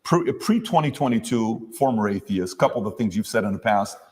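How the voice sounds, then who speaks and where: Low-voiced man hosting a podcast. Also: animated, fairly quick, darkish tone, in a large hall. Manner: storytelling, acts out dialogue. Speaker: podcast host. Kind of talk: interview conversation.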